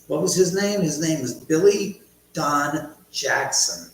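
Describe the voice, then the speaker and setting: A man's voice: fairly high pitch, expressive, slow pace, vocal fry. A middle-aged man hosting a casual livestream from home, telling rambling stories and reading viewer comments aloud. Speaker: livestream host. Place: large echoey room at home. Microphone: laptop mic from a distance. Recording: very echoey, distant, faint hum.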